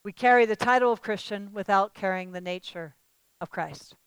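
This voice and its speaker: A woman preaching a sermon to a live audience. She speaks emphatically, calls out to the listeners and rises to loud declarations. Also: mid-range voice, normal speed, clean tone, no echo.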